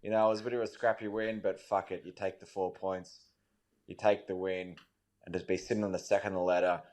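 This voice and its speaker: A man with an Australian accent leaving an excited, sweary voice message about his team. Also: deep voice, fast. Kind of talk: recorded fan voice message.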